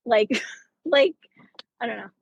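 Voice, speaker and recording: A woman's voice: fairly high pitch, expressive, slow, creaky, breathy edge, dry recording, lo-fi sound. A teacher in her forties sharing a personal story on a podcast, talking in rambling bursts with many restarts and fillers. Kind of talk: casual chat.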